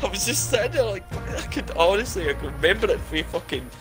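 A man's voice: sits high, sing-song, fast talker, music in the background. A stoned Scottish man telling stories over a game, swearing and laughing a lot. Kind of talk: casual gaming chat.

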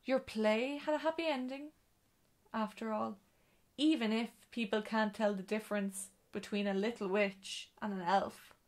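A woman reading a storybook aloud and voicing a busy, kindly household cook who talks in a brisk, practical way. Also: a little high, steady tone, close to an everyday voice.

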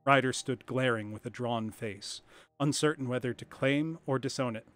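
A man reading a classic story aloud on a live stream in a lively, expressive way. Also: medium pitch, moderate pace, faint music behind.

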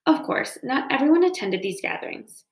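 A woman's voice: sits high, wildly swooping pitch, moderate pace, gravelly. Woman reading a storybook in an echoey room. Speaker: reader. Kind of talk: reading a children's novel aloud. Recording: roomy echo.

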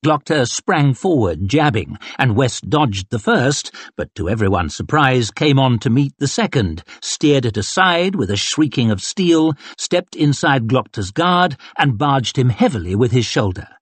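Man, audiobook narrator, husky, dry recording, dramatic storytelling. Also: medium pitch, no room sound.

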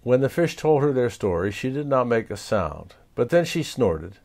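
A man reading a children's storybook aloud as storyteller, expressive and chuckling. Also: medium pitch, normal speed.

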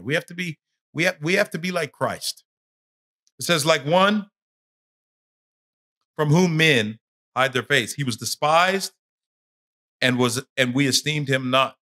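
A man teaching a Bible study, telling a dramatic story that swings between loud, intense moments and hushed, solemn ones, often repeating words as he searches for them. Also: medium pitch. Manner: dramatic storytelling, rising to shouts and dropping to hushed tones. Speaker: church teacher.

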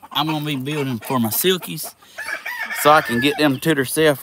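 A man chatting casually outdoors by his animal pens, slow and doting, slipping into baby-talk with his animals. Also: fairly high pitch. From Southern United States. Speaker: vlogger. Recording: loud outdoor background noise. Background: chickens clucking and roosters crowing.

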